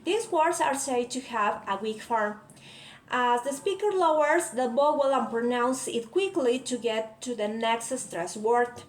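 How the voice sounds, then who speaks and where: A woman whose first language is Spanish, carefully reading a prepared explanation as a student presenter. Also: high-pitched. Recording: echoey room, faint ambient noise.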